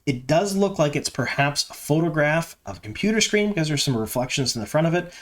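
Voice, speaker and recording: A man's voice: fairly high pitch, lively intonation, a little fast. A man hosting a fan news channel, talking casually and with opinions, with a lot of ums and uhs. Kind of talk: casual solo commentary to camera.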